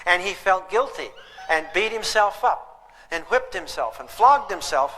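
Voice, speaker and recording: Bright-voiced man lecturing in a hall. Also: high-pitched, animated, unhurried. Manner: humorous, questions the audience directly. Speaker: parenting seminar speaker. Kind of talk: live seminar lecture. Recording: long hall reverb.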